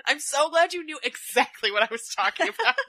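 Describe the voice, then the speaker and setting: A woman's voice: high voice, sing-song, brisk, gravelly, pushed and bright, no echo. A young woman co-hosting a podcast, reacting with enthusiastic, casually profane chat and frequent laughter. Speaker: podcast co-host.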